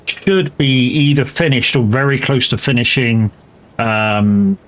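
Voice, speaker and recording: A man's voice: medium pitch, measured pace, a bit bright. A male live streamer chatting loosely while he plays, with a mid-range voice. He rambles from one thing to the next, drops casual swear words and restarts his sentences often.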